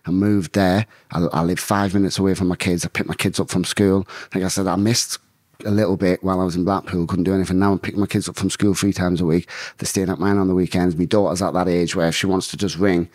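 Clean studio audio with no room sound captures this English guest, a bare-knuckle fighter, whose low, darkish voice stays level at a quick pace. He rambles through a blunt, profanity-laden story in a relaxed interview.

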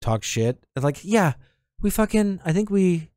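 A man's voice: sits high, big pitch swings, measured pace, darkish tone, dry recording, studio quality. A man co-hosting a podcast in casual chat, laid-back and rambling, with lots of likes and swearing. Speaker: podcast co-host.

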